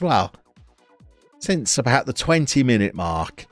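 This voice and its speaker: A man's voice: on the low side, unhurried, no room sound, faint music behind. Chatty man streaming a game. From England. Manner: chatty and playful, with sudden excited outbursts. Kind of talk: live stream commentary, chatting with viewers.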